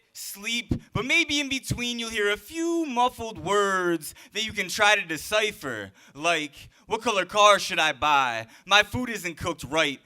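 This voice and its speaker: High, bright-voiced man performing spoken word. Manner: rhythmic, rhyming, sing-song delivery. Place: live open mic stage.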